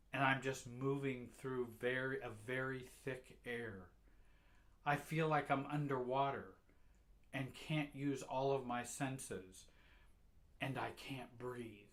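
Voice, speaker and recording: A man narrating a painful first-person memory quietly and reflectively, with halting repeats. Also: mid-range voice.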